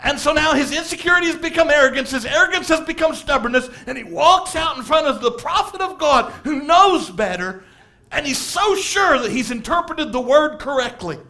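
A man with a very high voice preaches a fervent sermon. He drops to hushed asides, then rises to shouted emphasis, and he hammers points home by repeating phrases. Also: expressive, fairly quick. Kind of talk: impassioned sermon.

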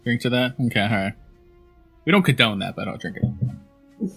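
A man with a slightly husky voice co-hosts a casual movie watch-along podcast. He jokes, teases his co-host and laughs often. Soft music plays faintly behind him. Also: medium pitch, very animated, normal speed, pauses often. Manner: joking, laughs often, teasing.

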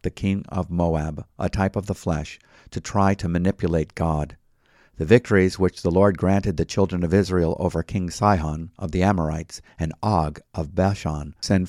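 A man reading a sermon in a measured way, citing chapter and verse as he teaches. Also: low-pitched, a little mellow, no echo, studio quality. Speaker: Bible teacher. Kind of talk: read sermon.

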